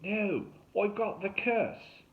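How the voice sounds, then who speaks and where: A man voicing a loud, hoarse male TV survivalist with a put-on Australian accent. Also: sits high, slow, pitched above the performer's own voice. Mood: barking. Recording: tinny phone-like sound.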